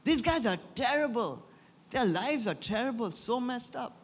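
A man's voice: very high-pitched, expressive, moderate pace, a bit bright, slightly rough, heavily acted. A man voicing scornful onlookers who mutter gossip about a visitor.

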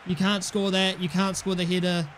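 A man's voice: sits high, flat delivery, normal speed, a bit bright, slight background noise. A young man giving casual commentary over his own gameplay, exasperated and sarcastic, swearing often. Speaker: gaming channel host.

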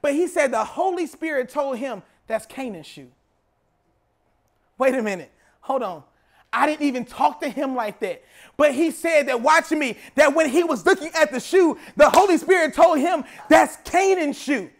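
A young man preaching a sermon, telling a story and repeating phrases as he builds to shouting. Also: very high-pitched, moderate pace, creaky. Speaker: pastor.

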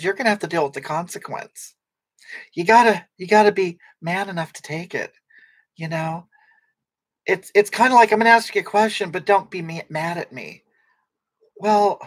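A woman's voice: medium pitch, no echo, lightly acted. A woman playing a brash, sarcastic livestream personality who rambles and snaps back at viewers' comments. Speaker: livestream comedy character. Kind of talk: improvised comedic livestream chat.

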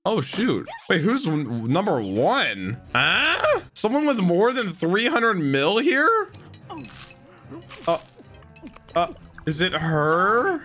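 A man hosting an anime reaction video, talking in an excitable, exclamatory, slangy way. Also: high-pitched, slow, long pauses, faint music behind.

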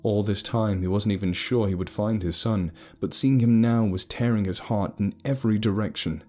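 A man with a very deep, dark, husky voice reads a scripted horror story. He takes his time over every line, low and ominous. Faint eerie music hums underneath him. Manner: slow, measured, ominous delivery.

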